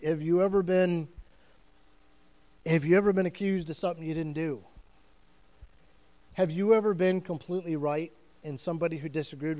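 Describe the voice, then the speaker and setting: Male pastor, high voice, earnest preaching, repeats phrases. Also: darkish tone. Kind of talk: sermon.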